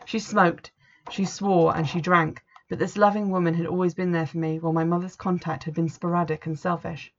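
Gravelly-voiced woman reading a story. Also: on the low side, little pitch movement, a little fast. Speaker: narrator. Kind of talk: first-person story reading. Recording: dull lo-fi recording.

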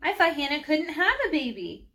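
An eager, curious young girl bursts with questions in a children's storybook reading, as a woman reads her part. Her voice sits higher than the reader's own, bright and excitable. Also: moderate pace, full character voice. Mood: excited. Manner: excited, wide-eyed questions.

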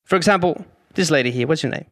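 A man's voice: on the high side, quick pace, no echo, clean studio sound. A man from South America, doing a stand-up set and teasing the audience. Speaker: stand-up comedian.

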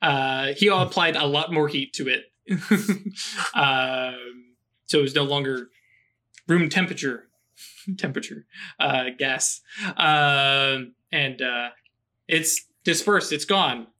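A man narrating as game master in a relaxed, rambling way. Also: medium pitch, slow. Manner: relaxed, rambling, full of fillers.

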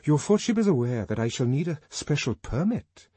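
A man's voice: fairly high pitch, sing-song, moderate pace, warm tone, breathy edge, dry recording, voice pushed up. A man voicing a nervous, self-important young official in an audiobook, stiff and fussy in manner. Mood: formal.

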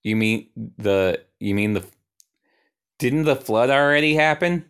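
A man's voice: medium pitch, expressive, a little slow, fairly bright tone, clear, resonant tone, pitched above the performer's own voice. A man voicing a quizzical young man who questions everything he is told. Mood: incredulous. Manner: questioning, incredulous.

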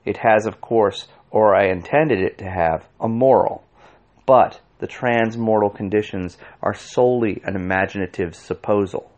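A man giving a measured, scripted audiobook narration. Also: on the low side, darkish tone, lo-fi sound.

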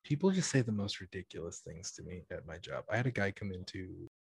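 Expressive and fairly quick, with vocal fry and a breathy edge, a young cashier in his twenties rambles through casual stories about his job. He fills them with "like" and self-corrections, and he acts out the people he quotes in sudden squeaky bursts, laughing as he goes. There's no echo.

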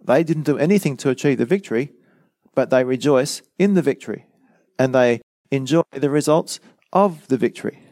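A man preaches in an earnest, teacherly way, driving each point home with repetition and rhetorical questions. His voice sits at an ordinary middle pitch. It sounds close and dry, with no room echo. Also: normal speed, a little mellow. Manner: earnest, explanatory, emphatic repetition. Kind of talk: teaching sermon.

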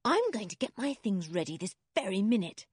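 An eager, noisy tomboy girl bursts out of a children's storybook, as a woman reader plays her. The voice sits higher than the reader's own, husky and bouncy, with a dry close sound. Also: sing-song, fairly quick, no room sound. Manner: bouncy and enthusiastic.

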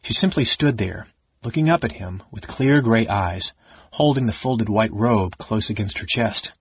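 A man narrating a fantasy novel audiobook in an even, steady storytelling manner. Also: fairly low pitch, unhurried, breathy edge, no room sound. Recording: dull lo-fi audiobook recording.

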